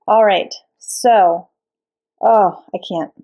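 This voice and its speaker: A woman vlogging about a new book at home, gushing and bubbling over with excitement. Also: medium pitch, a little slow, vocal fry. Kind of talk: excited casual vlog. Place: home couch.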